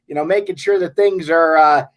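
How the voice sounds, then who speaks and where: A man from the Las Vegas area hosting a casual sports talk show, halting, with stammered restarts and many "you know"s. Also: on the high side, a bit bright.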